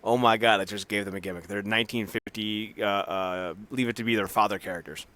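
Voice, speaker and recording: A man's voice: on the low side, steady tone, a little fast, sharp tone. A man co-hosting a casual wrestling podcast, cracking profane jokes and acting out quotes in silly voices. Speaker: podcast co-host.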